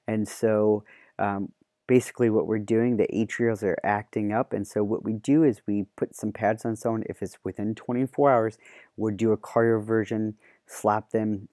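A man lectures nursing students in a relaxed, conversational way, explaining with everyday analogies. His voice sits fairly low and sounds dark and mellow. It is recorded close and dry, with no room sound. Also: no echo. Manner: relaxed explanatory, uses homespun analogies, fillers. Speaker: nursing and paramedic instructor. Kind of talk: classroom lecture.

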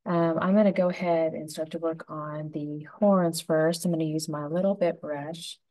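A painting instructor with a low, mellow voice leads a lesson step by step, talking gently and unhurriedly as she narrates each brushstroke. Her intonation is fairly even, and the recording is low quality.

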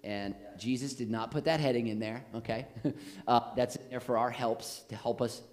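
A man with an American accent, a pastor preaching a lively, jokey sermon in a church on a handheld mic. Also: medium pitch, moderate pace. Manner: animated, jokey, rising to shouts on quotes. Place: church sanctuary. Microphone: handheld microphone, later switched off.

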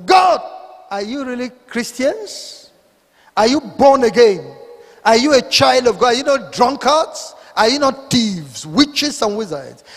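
A man preaching a sermon as pastor, reading scripture and shouting rebukes and rhetorical questions at his congregation, with a Nigerian accent. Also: high-pitched. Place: church hall. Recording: long hall reverb.

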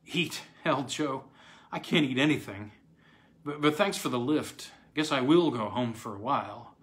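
A man's voice: a little high, big pitch swings, a little slow, pitched above the performer's own voice. Guy voicing a tense young lawyer, tight clipped voice, storybook reading.

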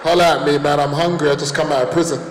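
A man's voice: fairly high pitch, flat delivery, very fast. A man doing stand-up, punchy and working the crowd on a big hall stage. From London. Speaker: stand-up comedian. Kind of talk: stand-up comedy. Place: large town hall stage. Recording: echoey hall with crowd noise.

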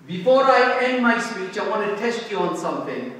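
A man gives an earnest fundraising speech in a banqueting hall, his phrases halting and broken. His voice is high and bright. The sound echoes heavily and has a long reverb, picked up from far off with faint background noise. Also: big pitch swings. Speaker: British parliamentarian; speaker at a charity fundraiser.

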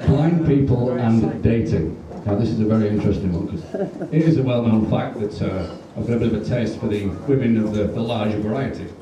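A man with a British accent performing a stand-up comedy set, telling a long story in a deadpan way and pausing before his punchlines. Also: fairly low pitch, lo-fi sound, noisy background. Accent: British English. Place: comedy club stage with audience. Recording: roomy live club audio from a distance. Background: audience laughter.

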